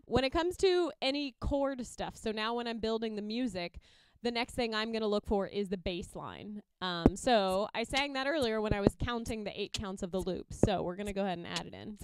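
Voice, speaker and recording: Her voice sits a little high and sounds clear and resonant, captured in a dry recording. She's a young woman who makes loop music, casually explaining how she builds songs for a looper, upbeat and talkative, with the occasional sung or beatboxed demo.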